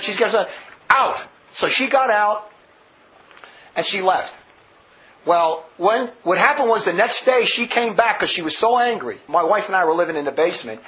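A man's voice: high-pitched, animated, normal speed, a bit bright, slight background noise. A man preaching a sermon full of stories, vehement and rambling, with many restarts, on a dull lo-fi recording.

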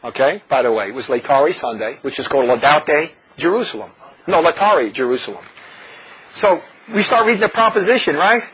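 Impassioned religious brother, male, raspy and animated, mocking tone, muffled lo-fi sound. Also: a little high, fairly quick. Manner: animated, mocking, with frequent laughs. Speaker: religious brother leading a community. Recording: dull lo-fi recording.

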